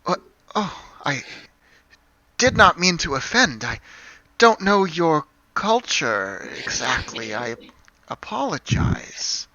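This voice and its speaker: A man voicing a proper, grateful woman enforcer who speaks formally and politely, with measured pauses. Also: fairly high pitch, sing-song, bright, forceful tone, lo-fi sound, heavily acted. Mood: apologetic.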